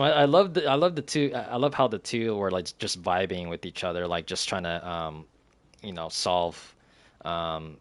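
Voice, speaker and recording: A man's voice: lowish voice, fairly bright tone, dry recording. A young man streaming a game and chatting casually, rambling with lots of fillers, restarts and giggles.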